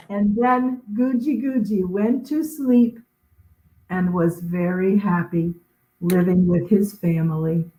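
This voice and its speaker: A woman librarian reading a picture book aloud to children as an expressive storyteller. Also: fairly low pitch, takes it slowly, echoey room. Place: outdoor garden.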